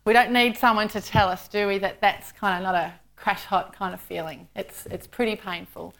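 A woman's voice: mid-range voice, fairly even intonation, normal speed, vocal fry, fairly bright tone. Woman preacher, chatty sermon voice, full of rhetorical questions. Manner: conversational, with rhetorical tag questions.

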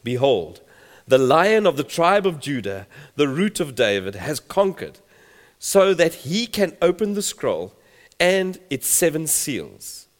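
A man's voice: on the high side, very animated, takes it slowly. A man preaching a sermon, reading scripture emphatically and building in volume. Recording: long hall reverb.

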